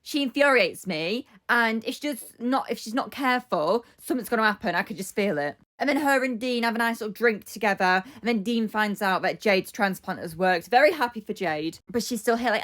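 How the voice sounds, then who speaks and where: A woman's voice: fairly high pitch, expressive, a little fast, few pauses, fairly bright tone. A woman recapping a soap episode in a casual vlog, blunt, exasperated and sweary. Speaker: soap opera reviewer.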